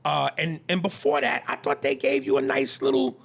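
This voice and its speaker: A man with a gravelly, husky voice joking around on a comedy podcast. He rambles loosely, reads listener mail aloud and answers it in a relaxed, off-the-cuff way. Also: medium pitch, normal speed, hardly any pauses. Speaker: podcast co-host. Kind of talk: casual comedy podcast chat.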